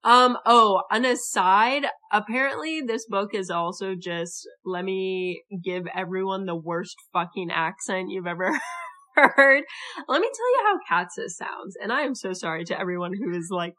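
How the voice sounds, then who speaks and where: A young woman in casual podcast chat with a bright, forward voice at a middling pitch. She is playful and chatty, often slipping laughs into her sentences. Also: lively intonation, normal speed. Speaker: podcast co-host.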